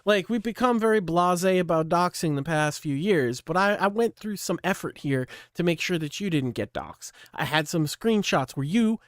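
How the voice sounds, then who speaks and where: A man with a high voice delivers a blunt, scolding rant full of swearing. The sound is dry and close, with no room around it. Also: animated, moderate pace, hardly any pauses, dry recording. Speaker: channel host. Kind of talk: profane ranting commentary.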